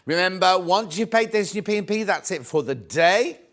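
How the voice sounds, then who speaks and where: A British man hosts a live shopping show, rattling off prices and reading out viewers' messages in a friendly patter. His voice sits a touch higher than most men's, and he clears his throat now and then. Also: lively intonation, normal speed, fairly bright tone. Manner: chatty, reads out viewer messages, calls viewers "my love". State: coughing, mild throat trouble. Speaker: shopping channel presenter. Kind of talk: live TV selling, chatty.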